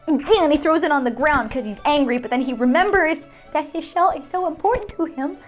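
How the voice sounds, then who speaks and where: A young woman, a voice actor, chatting casually in an interview, gushing and excitable, her voice leaping high when she gets worked up. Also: fairly quick, hardly any pauses. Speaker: voice actor guest. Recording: faint music underneath.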